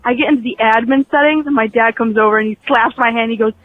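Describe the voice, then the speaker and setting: A man's voice: very high voice, steady tone, quick pace. A man leaving a chatty voicemail, telling a story with giggles along the way, heard over a phone line. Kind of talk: voicemail message.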